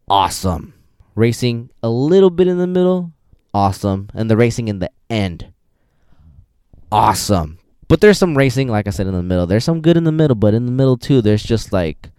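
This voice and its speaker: Lively young man ranting about movies. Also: on the low side, clear, resonant tone, no echo, clean studio sound. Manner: animated, rambling, enthusiastic. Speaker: podcast host. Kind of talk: casual movie rant.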